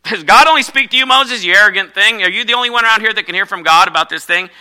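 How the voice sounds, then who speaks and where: A man's voice: a little high, steady tone, fast, bright, forceful tone, low-quality recording. A man voicing a jealous woman who complains indignantly, in a whiny, sarcastic tone.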